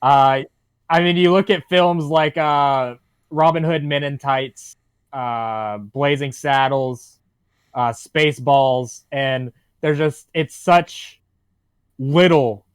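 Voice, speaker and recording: A man's voice: on the high side, slow pace, smooth, dry recording. A man who is a comedian, talking eagerly in casual podcast chat.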